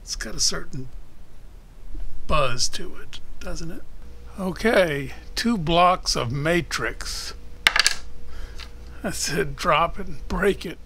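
A man hosting a casual how-to video, talking in a jokey, deliberate way. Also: fairly high pitch, animated, creaky, noisy background. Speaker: opal cutter and channel host. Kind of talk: casual instructional vlog.

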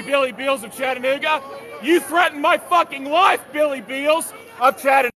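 A man filming on a city street, shouting jeers and accusations at someone across a protest, repeating taunts in a heckling, sarcastic way. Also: extremely high pitch. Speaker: activist filming a street confrontation. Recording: street crowd noise around.

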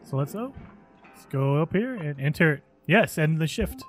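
A man hosting a gaming channel, giving excitable let's play commentary and thinking aloud as he plays. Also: fairly high pitch, unhurried, soft background music.

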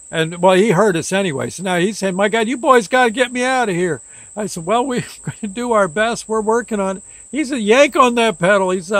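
An older man telling a long story in a halting, rambling way, acting out the dialogue as he goes. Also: a little high, dry recording. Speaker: host. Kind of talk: casual storytelling.

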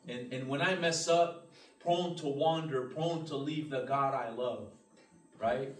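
A man's voice: medium pitch, unhurried. A man teaching a church Bible class as pastor, earnest and emphatic, with frequent amens and restarts. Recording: roomy, distant mic, faint hiss.

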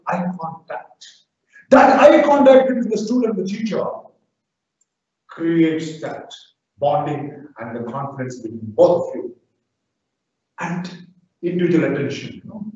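Man, high lively lecturer voice, far from mic in big echoey hall, dull sound. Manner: lively, exhorting, acts out quick asides. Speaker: professor giving a talk to teachers. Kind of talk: animated lecture.

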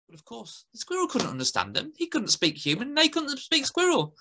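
A woman's voice: medium pitch, wildly swooping pitch, brisk, hardly any pauses, fairly bright tone. A woman telling a playful story to children at a school assembly, adding sound effects.

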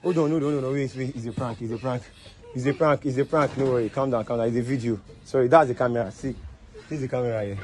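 The host of this outdoor prank video is a man with a Nigerian accent whose medium-pitched, darkish voice stays steady while he talks fast. His casual banter is full of laughter and soothing, apologetic repetition. Audio quality is poor.

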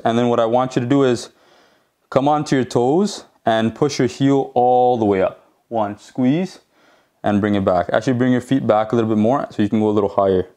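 A man's voice: medium pitch, darkish tone. A man coaching a home workout, counting reps aloud and explaining the muscles plainly, now and then out of breath. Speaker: fitness coach.

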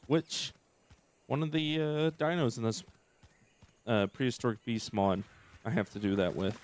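A man's voice: on the low side, a little mellow, a little hiss or hum. A young man giving casual let's-play commentary, thinking aloud and hesitating often. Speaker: gameplay commentator.

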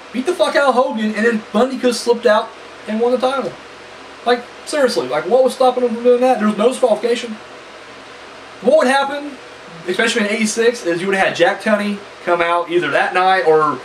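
A man gives a casual, rambling spoken review of a wrestling match, animated and profane, swearing freely and piling up fillers. His voice is high-pitched, and the rough recording has a distant mic and a little hiss or hum.

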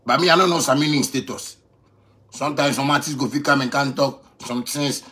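A man in his thirties speaking Ghanaian Pidgin English in a boastful, swaggering off-the-cuff rant. He repeats phrases for emphasis and swings from quiet to loud. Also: medium pitch, fairly quick. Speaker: musician addressing critics.

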